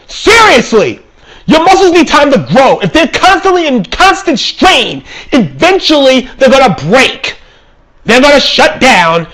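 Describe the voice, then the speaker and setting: Young male ranter, very high and animated voice, sarcastic and foul-mouthed, bursts into shouting. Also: a little slow. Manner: angry, sarcastic, swearing constantly, shouts and mocks. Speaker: vlog ranter. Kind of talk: profane comedic rant.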